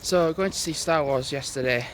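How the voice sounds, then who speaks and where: A man chats into his phone while walking outdoors, audibly out of breath. His voice sits a little high, and he rambles loosely from one thought to the next with frequent sighs. Faint noise hangs behind him. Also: moderate pace. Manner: rambling, chatty, sighs often. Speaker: vlogger. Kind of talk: casual vlog chat while walking. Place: outdoors on a walk. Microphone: phone held while walking.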